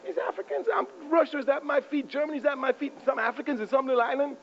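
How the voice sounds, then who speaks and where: A man's voice: very high voice, fast talker, vocal fry, a bit bright, pitched above the performer's own voice, heavily acted. A man acting out a mighty male emperor who mocks the idea of a small island uprising, on a muffled recording with a faint hum. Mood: incredulous. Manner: incredulous, mocking.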